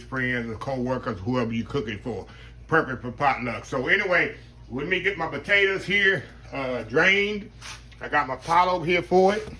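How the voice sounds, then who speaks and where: A man's voice: mid-range voice, pushed and bright, slight background noise, low-quality recording. A man hosting a casual cooking demonstration in a kitchen, folksy and talking straight to his viewers, repeating his catchphrases. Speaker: cooking show host. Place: home kitchen.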